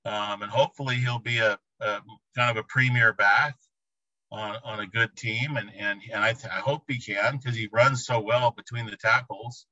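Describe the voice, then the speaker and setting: A man giving a reflective interview answer, often pausing to search for words. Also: mid-range voice, steady tone, pushed and bright, no echo, highs cut off. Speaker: interviewee recalling an athlete.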